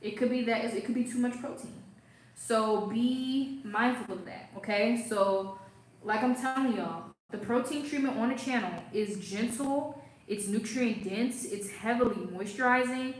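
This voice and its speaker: A woman's voice: on the high side, unhurried, echoey room, low-quality recording. Chatty woman hosting a hair livestream. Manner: chatty, playful, lots of "like" and "um". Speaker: hair care livestream host. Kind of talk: casual livestream chat, reading comments.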